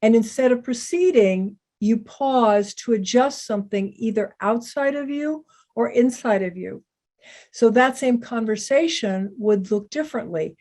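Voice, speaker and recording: A woman teaching communication skills, talking in a measured, gentle way as she walks through an example step by step. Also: fairly high pitch. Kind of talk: calm instructional talk.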